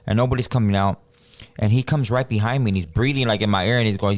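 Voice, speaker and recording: A man's voice: fairly low pitch, fast talker, no echo. A man, co-hosting a podcast and telling a story in a loose, slangy way. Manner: animated storyteller, acts out quoted voices, slangy. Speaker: podcast co-host. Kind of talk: casual storytelling chat.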